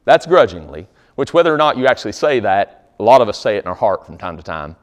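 A man's voice: lowish voice, sing-song, fast. A man preaching a sermon as pastor, speaking conversationally with jokes and reading scripture aloud.

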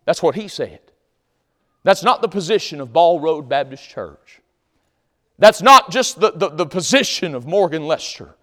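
A male pastor preaching a sermon in a church, swinging from loud shouts to quiet pleading. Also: on the high side, long reverb tail. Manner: impassioned Southern preaching with sudden loud shouts. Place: church sanctuary.

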